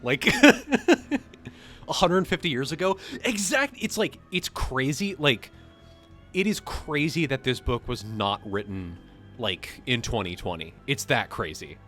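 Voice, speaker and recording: An excitable man rambles through a casual livestream chat, breaking into laughter often. His voice sits at an ordinary middle pitch. Faint music plays softly behind him. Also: slow. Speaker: co-host.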